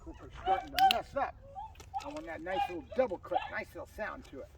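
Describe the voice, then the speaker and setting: A man's voice: very high-pitched, wildly swooping pitch, quick pace, vocal fry, far from the mic, heavy background noise. A man working as a dog trainer, explaining a training session outdoors while praising his dog. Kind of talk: casual training demonstration. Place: outdoors on a property.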